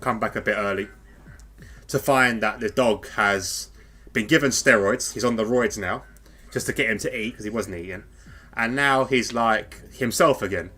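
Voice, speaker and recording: A man's voice: fairly low pitch, pushed and bright. A man from the UK hosting a casual live podcast, chatty and rambling, with fillers and frequent laughs. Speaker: podcast host.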